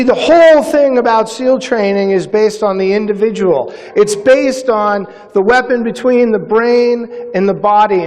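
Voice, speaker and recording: Higher-voiced man speaking in a reverberant hall. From Massachusetts, USA. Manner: energetic storytelling with acted-out quotes. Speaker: keynote speaker. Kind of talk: motivational speech with personal stories. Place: conference hall, on stage.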